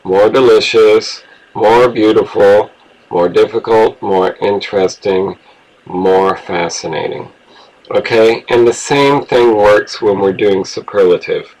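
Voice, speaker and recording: Man, english teacher, low voice, very slow, patient, spells out words. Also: a little mellow, rough recording. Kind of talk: grammar lesson review.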